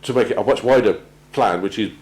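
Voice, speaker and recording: A man gives a measured talk on crisis planning, often pausing and repeating words as he goes. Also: fairly low pitch, darkish tone, low-quality recording. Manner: measured, halting, repeats words while finding them. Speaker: presenter on organisational crisis planning. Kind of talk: prepared talk to an audience.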